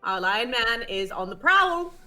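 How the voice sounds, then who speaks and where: High, bright-voiced woman player. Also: very animated, a little slow, faint music behind. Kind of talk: casual tabletop play.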